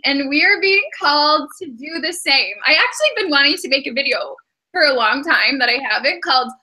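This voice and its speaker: A woman's voice: high voice, expressive, a little fast, pushed and bright. A woman giving a casual tarot and astrology reading, chatty and often breaking into giggles. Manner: giggly, chatty, many fillers.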